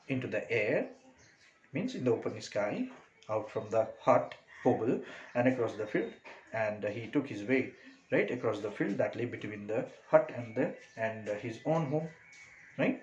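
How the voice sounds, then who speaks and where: Indian English male teacher, explanatory classroom talk, tag questions and fillers throughout, roomy echo with faint hiss. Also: medium pitch. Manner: repeats "right?" often, with many fillers. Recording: echoey room with faint noise.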